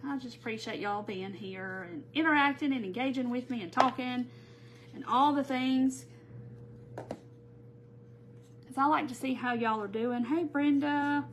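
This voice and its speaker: A woman's voice: sits high, measured pace, long pauses, a little hiss or hum. A woman hosting a live crafting tutorial, chatting casually and greeting viewers by name as she works. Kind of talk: live-stream crafting chat.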